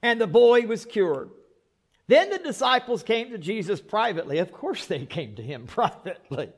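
High voiced pastor guy preaching, animated, lots of restarts and little jokes. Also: normal speed, slightly rough. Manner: animated, repeats words, joking asides. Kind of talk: sermon.

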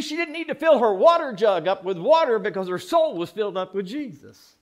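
A man's voice: very high voice, fairly bright tone. A man preaching a sermon as pastor, folksy and plain-spoken. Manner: folksy, plain-spoken, mock voices for effect.

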